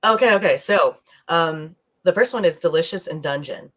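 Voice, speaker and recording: A woman's voice: on the low side, moderate pace. A woman co-hosting a podcast in casual, rambling chat, laughing often as she talks. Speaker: podcast co-host. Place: streaming live.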